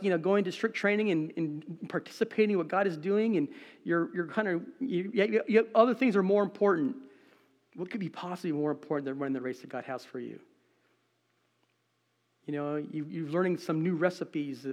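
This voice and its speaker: Animated high-voiced preacher man. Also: big-room sound. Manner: animated, conversational, self-deprecating. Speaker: pastor. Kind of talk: sermon. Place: empty room, preaching to cameras.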